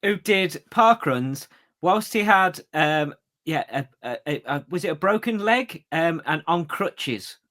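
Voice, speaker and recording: A man's voice: a little high, lively intonation, a little slow, sharp tone. A man, co-hosting a podcast in casual chat, with hesitant asides. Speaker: podcast co-host.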